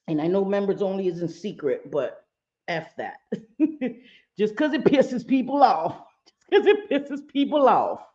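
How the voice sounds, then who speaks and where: A woman in her fifties with a fairly high, darkish voice hosts a casual livestream chat, blunt and profane, laughing often as she talks. The stream audio is dull and lo-fi.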